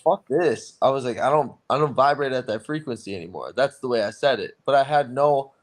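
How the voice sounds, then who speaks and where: A man's voice: mid-range voice, lively intonation, fast talker. A young man in an interview, talking casually and with lots of swearing. He repeats himself often and acts out the lines people said to him. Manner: casual and profane, many repeats and filler words; acts out quoted dialogue. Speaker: fighter being interviewed. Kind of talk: candid interview storytelling.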